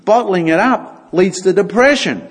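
A man's voice: sits high, lively intonation, a little slow, breathy edge, long reverb tail. A man giving an informal church talk, chatty and now and then acting out little dialogues. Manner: conversational, acts out little dialogues. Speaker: church speaker.

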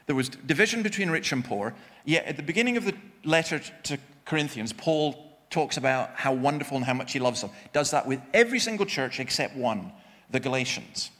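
A man preaches a sermon in a medium-pitched, slightly bright voice with a long reverb tail. He shares personal stories emphatically and self-deprecatingly, often starting his sentences over.

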